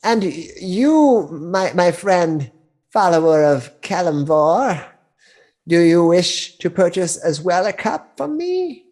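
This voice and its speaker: A man voicing a kindly but sly old crone who sells handmade cups, speaking slowly and sweetly in a raised voice. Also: high-pitched, very animated, a little mellow, pitched above the performer's own voice, full character voice. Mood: coaxing. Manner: slow, drawn-out and sweetly grateful.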